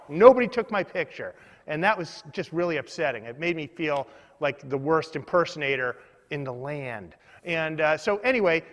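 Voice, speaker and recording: Man, comic storyteller, meandering and deadpan, fairly high voice, reverberant hall. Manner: meandering, self-deprecating, deadpan asides. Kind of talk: comedic personal storytelling.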